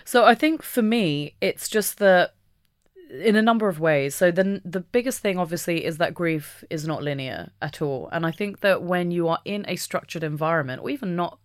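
Reflective woman, low voice, dry sound. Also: lively intonation, moderate pace, no room sound. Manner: reflective and open, with soft laughs. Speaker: podcast guest. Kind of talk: candid conversational interview.

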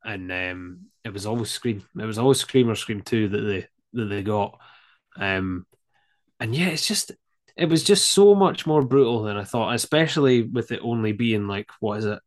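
A man in his thirties, a podcast guest, chatting casually and telling an animated story with lots of fillers and some swearing. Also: fairly low pitch, normal speed. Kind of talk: casual chat.

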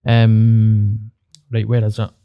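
A man's voice: on the low side, monotone, slow, no room sound, lo-fi sound. A young Scottish man co-hosting a podcast, talking candidly and animatedly with plenty of swearing. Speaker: podcast co-host. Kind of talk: casual chat.

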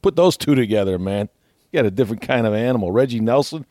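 A man's voice: medium pitch, animated, fast, warm tone, dry recording, studio quality, natural voice. A man doing a comic impression of a brash, rambling male football coach who ends almost every phrase with "man". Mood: goofy bravado.

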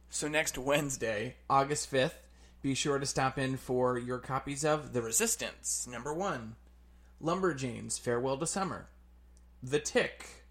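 A man's voice: mid-range voice, a bit bright. Guy cohosting a comic shop podcast, goofy banter, mid voice. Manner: joking, playful, quick back-and-forth. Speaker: podcast co-host.

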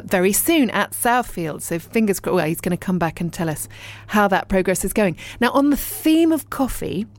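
A middle-aged woman presenting a chatty local radio show from the studio, bubbly and talkative. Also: fairly low pitch. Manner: bubbly, chatty, warm asides. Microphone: studio microphone.

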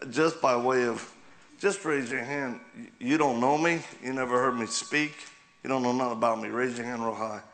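Male guest preacher, mid-pitched and gravelly, humorous storytelling sermon. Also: steady tone, moderate pace, fairly bright tone. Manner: joking, asks the crowd questions, laughs often. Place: church sanctuary.

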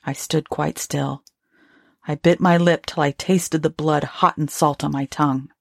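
Somber woman audiobook narrator, low-pitched and slow. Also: fairly even intonation, vocal fry, no echo, studio quality. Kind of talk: storybook narration.

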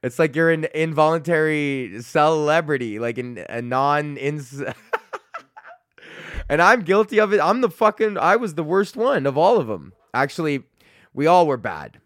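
A man's voice: fairly high pitch, big pitch swings, a little slow, no echo, studio quality. A young man hosting his own comedy podcast, ranting with constant swearing and frequent laughter. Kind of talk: profane solo rant.

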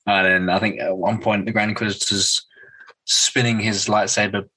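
A man's voice: on the low side, level tone, moderate pace, sharp tone, breathy edge, low-quality recording. A man co-hosting a casual podcast, chatting in a laid-back way and peppering his sentences with "like". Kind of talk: casual comic-book discussion podcast.

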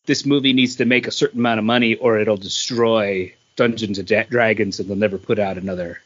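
A man's voice: lowish voice, steady tone, a little fast, highs cut off. A man co-hosting a podcast, talking casually and animatedly, with a lot of fillers. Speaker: podcast co-host. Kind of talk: casual chat.

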